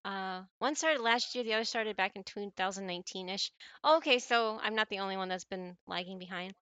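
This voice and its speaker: A woman's voice: medium pitch, a little fast, bright, forceful tone, no room sound. An American woman streaming games, chatting casually with viewers and rambling with frequent restarts and self-corrections. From United States. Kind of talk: casual gaming stream chat.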